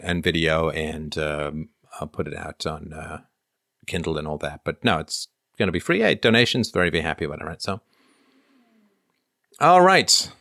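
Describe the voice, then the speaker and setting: A man's voice: deep voice, a bit bright, no echo, clean studio sound. A middle-aged man from Canada hosting a casual livestream, answering viewer questions with frequent ums and uhs. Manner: conversational, frequent ums and uhs, reads comments aloud. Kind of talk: casual livestream chat reading super chats.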